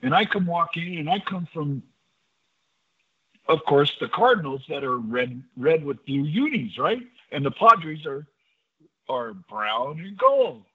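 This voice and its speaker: An older man and former pitcher, a guest in an interview, telling anecdotes in a lively way and acting out the dialogue. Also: measured pace, husky. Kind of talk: storytelling in a casual interview. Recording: dull lo-fi audio.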